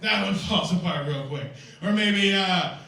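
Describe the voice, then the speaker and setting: A man with a high, bright voice performs stand-up on a festival stage, rambling through absurd bits with excitable energy. The sound is echoey and a little distant, caught in a live room. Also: moderate pace. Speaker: stand-up comedian. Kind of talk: stand-up comedy set.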